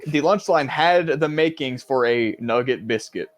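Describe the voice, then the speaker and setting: A man's voice: mid-range voice, expressive, normal speed. A man co-hosting a casual podcast, joking and swearing casually as he talks. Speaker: podcast co-host. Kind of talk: casual chat.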